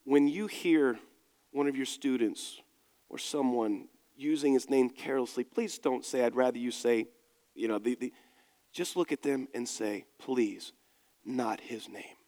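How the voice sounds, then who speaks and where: A man voicing an older, godly church elder who speaks in a soft, slow, hushed and pleading way. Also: mid-range voice, long reverb tail, pitched below the performer's own voice, lightly acted. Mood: sorrowful.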